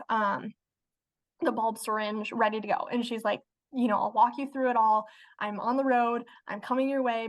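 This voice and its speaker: A young woman telling a personal story as a guest in casual conversation, with many fillers. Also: a little high. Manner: chatty, many fillers, laughs while telling. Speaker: interview guest.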